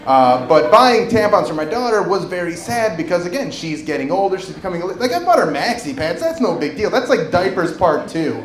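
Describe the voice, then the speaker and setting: A man in his forties performing a stand-up comedy set on a club stage, telling an animated story and acting out the voices of the people in it. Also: sits high, a little fast, hardly any pauses. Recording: roomy live club recording with crowd laughter. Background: audience laughter.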